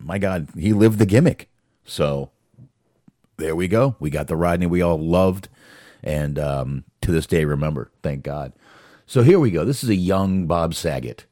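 A man's voice: low-pitched, warm tone, no echo, clean studio sound. A man casually commenting on clips he plays, chatty and full of fillers. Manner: chatty, filler-heavy narration. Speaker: host reacting to clips.

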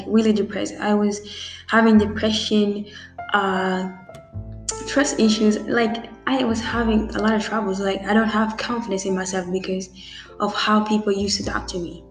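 Young woman vlogger, 18, heartfelt and rambling, mid-pitched voice, echoey room. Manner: earnest, many fillers and restarts, addresses viewers directly. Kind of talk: casual heartfelt talk to camera. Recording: roomy echo, faint music behind.

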